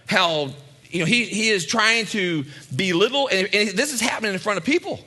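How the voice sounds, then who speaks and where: Pastor guy preaching, bright forceful voice, a bit high, chatty asides and lots of repeating for emphasis. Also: lively intonation, moderate pace. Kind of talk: sermon.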